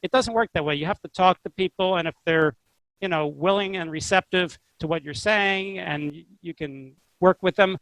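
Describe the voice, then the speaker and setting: An older man, a chess instructor, chatting in an interview in a talkative, expressive way. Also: high voice, moderate pace, rough recording. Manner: talkative and expressive, not monotone. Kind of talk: casual interview chat.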